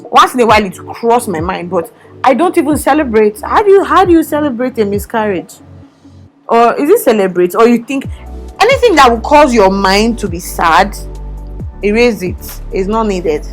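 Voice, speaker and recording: A young woman vlogging, telling her story in an animated, expressive way. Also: on the high side, normal speed. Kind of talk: casual chat. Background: faint background music.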